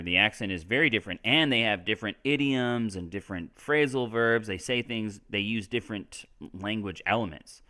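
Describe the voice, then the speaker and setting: Man, from Texas, English teacher, live-stream lesson, casual chatty explaining, lowish pitch, bright tone. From Texas, United States. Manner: casual, chatty explaining with frequent "right?" and "all right?".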